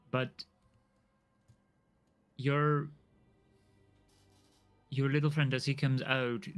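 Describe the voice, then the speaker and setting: Slow-narrating male game master. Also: medium pitch. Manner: slow, descriptive narration with frequent "um"s.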